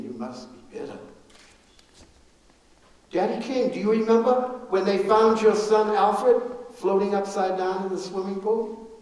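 An actor with a high, slightly mellow voice plays an elderly preacher father, steadfast and forgiving, recounting his family's story with earnest grief and stumbling over repeated words when moved. It's live theatrical storytelling in a school auditorium. The mic is far off, and the hall echoes.

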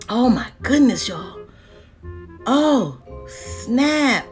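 Animated high-voiced woman vlogger. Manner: animated, laughing, exclaiming. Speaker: deals vlogger. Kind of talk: casual live chat.

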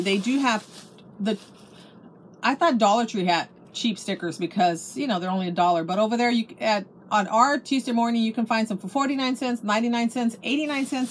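There's a little hiss or hum behind a middle-aged woman with a fairly high voice, who chats at home about her craft haul. Gushing and restarting her sentences, she keeps the show-and-tell casual.

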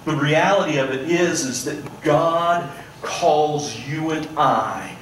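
A male pastor preaching a sermon, swinging between loud, animated stretches and hushed, pointed asides. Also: fairly high pitch, takes it slowly, a little hiss or hum. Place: church sanctuary. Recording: echoey church room, mic at a distance.

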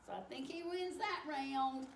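Woman doing storytime, slow and lively, roomy echo, kinda far from the mic. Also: high voice, slight background noise. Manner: animated, exclaiming, slow and warm-paced. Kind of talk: children's read-aloud. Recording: echoey room, far from mic.

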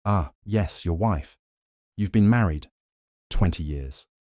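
A calm, detached government doctor in an audiobook, questioning coolly in a deep, low voice, as a male narrator reads him. The recording is close and dry. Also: dry recording. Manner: measured, cool questioning.

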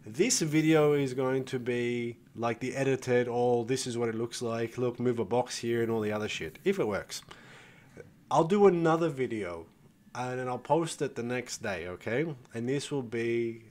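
An older man hosting a gaming video, chatting casually and thinking aloud as he plays, swearing freely and calling his viewers folks. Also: medium pitch. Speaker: gaming channel host. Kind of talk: casual gameplay commentary.

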